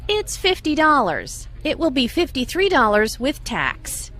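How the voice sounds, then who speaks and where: Woman as polite shop assistant, high, very lively pitch, scripted learning dialogue. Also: a little slow, full character voice. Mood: helpful. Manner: polite, helpful. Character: helpful female shop assistant. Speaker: voice actor in a dialogue.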